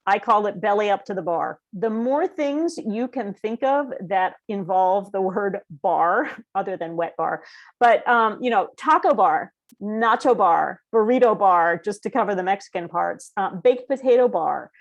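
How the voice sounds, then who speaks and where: A middle-aged woman talking on a video call panel, chatty and anecdotal. She acts out quoted voices and laughs often, in a voice of middling pitch. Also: lively intonation, measured pace, muffled recording. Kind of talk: casual panel chat.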